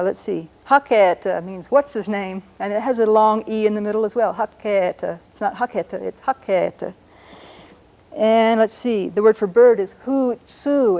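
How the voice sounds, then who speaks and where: A woman's voice: mid-range voice, warm tone. Patient woman teaching a language lesson. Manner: patient, explanatory, slows down to sound out words.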